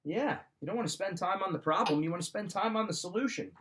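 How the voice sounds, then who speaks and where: A middle-aged man with a slightly raised pitch gives a motivational coaching talk. He speaks in a firm, emphatic, direct way. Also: quick pace, fairly bright tone. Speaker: wrestling mindset coach.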